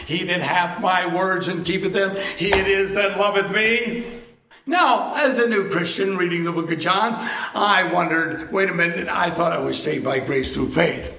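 A man's voice: on the high side, moderate pace, sharp tone, reverberant, a little hiss or hum. A man preaching a sermon in a conversational, emphatic way, now and then raising his voice. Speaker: pastor.

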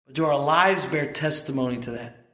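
A man preaching a sermon as pastor, impassioned and building to shouted peaks. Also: on the high side, normal speed, reverberant.

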